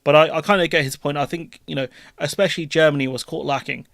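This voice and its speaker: Rambling young streamer, dry room. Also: male voice, fairly high pitch, steady tone, fast talker, gravelly, fairly bright tone, no room sound. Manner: rambling, full of fillers and restarts, swears offhand. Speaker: streamer hosting a live political chat. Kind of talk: casual live-stream commentary.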